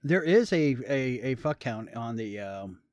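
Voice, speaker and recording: A man talks casually with a friend, cracking jokes and rambling as he restarts his sentences. His voice sits in a middle pitch. The sound is dry and close, with no room echo. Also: expressive, a little slow, darkish tone. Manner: joking, rambling, self-interrupting. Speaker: podcast co-host watching a movie. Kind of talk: casual chat.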